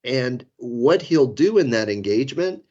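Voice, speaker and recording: A man's voice: mid-range voice, expressive, a little slow, a little mellow. A man in his fifties from the Florida Keys, a guest in a casual podcast interview. He rambles through self-deprecating stories and chuckles as he goes. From Florida Keys, United States. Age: 50s. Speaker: guest, safety consultant. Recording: dull lo-fi sound.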